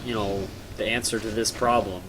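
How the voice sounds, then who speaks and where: A man's voice: fairly low pitch, steady tone, moderate pace, background noise. A tired young man chatting casually and self-mockingly to viewers while streaming a game, rambling and joking at himself. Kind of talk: casual live-stream chat.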